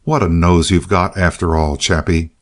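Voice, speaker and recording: A man voicing a boastful, gullible male wire-haired terrier in a storybook reading, in an eager, excitable manner. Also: low-pitched, normal speed, natural voice. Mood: excited.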